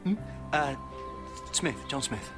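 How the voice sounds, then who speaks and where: A quirky, evasive time traveller in a TV drama. He hesitates and then gushes. Clear music plays under his voice. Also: mid-range voice, lively intonation, slow. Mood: flustered. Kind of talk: TV drama acting.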